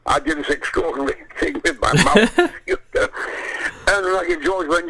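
An older man, an interview guest, tells theatrical show-business anecdotes, swearing often and acting out the voices of the people involved. His fairly high voice is very animated and a little slow. A crowd sits in the background of the poor audio.

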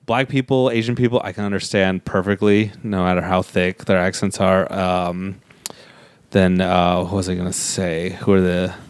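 A man's voice: sits low, flat delivery, normal speed, clean tone, no echo. A young man from Utah in casual, joking chat, trailing off and restarting his sentences.

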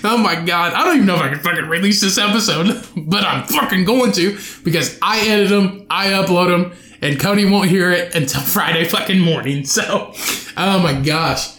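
A man's voice: high-pitched, normal speed, sharp tone, reverberant. A young man hosting a solo podcast from his home studio, rambling, swearing and cutting himself off mid-sentence. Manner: profane, rambling, self-interrupting. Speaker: podcast host.

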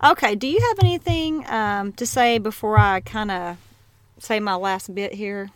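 A woman's voice: medium pitch, unhurried, no echo. A woman with a Southern US accent co-hosting a podcast, laughing and playfully quizzing her co-host. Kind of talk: casual chat.

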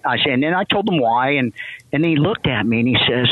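A man guest tells an emotional story in an interview, stumbling and restarting as he goes. He speaks at an average pitch. The sound is tinny, like a phone line, and dry with no room. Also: lively intonation, husky, dry recording. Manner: emotional, halting, many restarts. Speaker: guest, veteran and company president.

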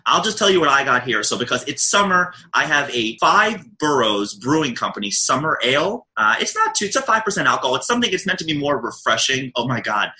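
A man hosting a podcast, chatting casually and joking a lot. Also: mid-range voice. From New York, USA. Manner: animated, joking, talks fast with lots of asides. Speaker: podcast host. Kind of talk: casual chat.

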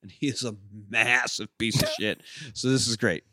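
A man co-hosting a podcast, casually retelling a film in an animated way, with frequent swearing. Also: mid-range voice, moderate pace, no room sound, clean studio sound. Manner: animated, profane storytelling. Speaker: podcast co-host.

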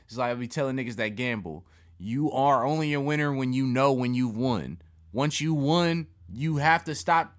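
A man hosting a casual sports podcast, profane and animated, getting loud when worked up. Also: medium pitch, normal speed. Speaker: podcast host.

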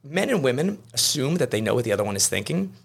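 A man's voice: mid-range voice, big pitch swings, quick pace. A man, an attorney appearing as a podcast guest, who talks in rambling stories full of fillers and restarts. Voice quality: gravelly. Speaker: estate planning attorney, guest. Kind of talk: podcast interview conversation.

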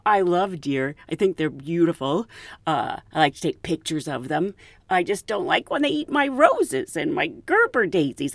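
A woman telling flight stories in a casual, animated way, laughing as she goes. Her pitch rises and falls a lot as she talks. The recording is close and dry, with no room sound. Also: dry recording. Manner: animated, laughs often, quotes people in raised voices. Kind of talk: casual storytelling.

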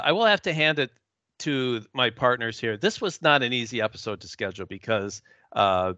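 A man's voice: medium pitch, sharp tone, no room sound, highs cut off. A man hosting a podcast from home over an internet call, chatting casually and correcting himself often, tired after a flight. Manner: rambling, self-correcting. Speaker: podcast host. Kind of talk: casual chat. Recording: remote call.

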